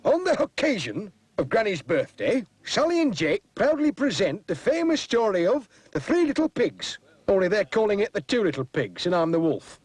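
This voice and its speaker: A man's voice: high-pitched, wildly swooping pitch, moderate pace, few pauses, darkish tone, breathy edge, pitched above the performer's own voice, heavily acted. A man voicing a young boy who plays the wolf in a family play, announcing and blustering threats. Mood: proud. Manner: showman announcing, then growling threats. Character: eager boy playing a wolf.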